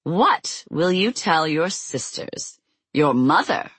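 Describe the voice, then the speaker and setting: Gloating winged goddess done by the narrator, slow mocking drawl, bit husky. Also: medium pitch, very animated, fairly bright tone, no room sound, heavily acted. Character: cruel winged female goddess of strife, gloating.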